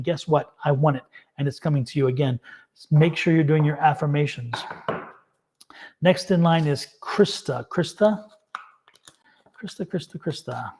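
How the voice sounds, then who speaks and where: Excitable man giving live tarot readings. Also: on the high side. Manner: upbeat and excitable, laughs often; encouraging, affirming. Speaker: tarot reader hosting a live stream.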